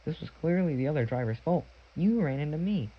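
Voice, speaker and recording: A man voicing a fussy, pompous middle-aged gentleman who speaks in a prim, stern, correcting way. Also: on the high side, lively intonation, a little fast, breathy edge, muffled recording, voice pushed up.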